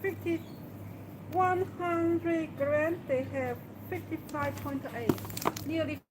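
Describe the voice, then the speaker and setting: A high-voiced woman shopkeeper speaks softly in broken English, with the customer's phone catching her from a little way off. Loud street noise nearly buries her voice. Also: steady tone, slow pace. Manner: soft-spoken, broken English. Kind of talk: casual chat with a customer. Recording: heavy street noise, picked up from a distance.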